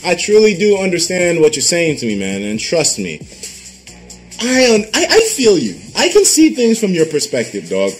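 A man hosting a casual livestream in a slightly raised voice that leaps up and down with energy. He swears freely and reacts to viewer messages as they come in. Soft music plays faintly behind him. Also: high voice, moderate pace. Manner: animated, swearing, bursts into laughter; reads out viewer donation messages.

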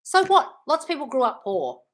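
With a high, fairly bright voice that swings hugely in pitch, a woman in her 40s talks briskly as a manifestation coach answering live-stream comments. She is blunt, profane, and calls everyone darling.

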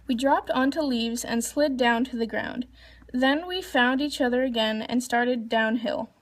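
A woman with a fairly high voice reads a children's storybook aloud. She reads the narration plainly and lifts her pitch for the characters' lines. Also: measured pace. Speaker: reader.

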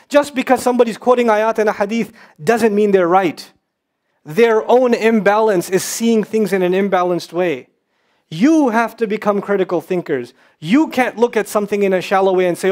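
High-voiced man giving a fervent lecture. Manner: impassioned, rising to scolding; quick, emphatic repetitions. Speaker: Islamic speaker. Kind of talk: lecture to an audience.

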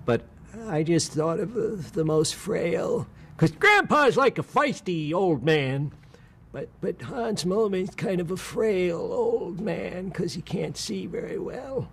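Man explaining his voice work. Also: on the high side. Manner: relaxed, explanatory, slips into quick impressions. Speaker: voice actor. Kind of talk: interview.

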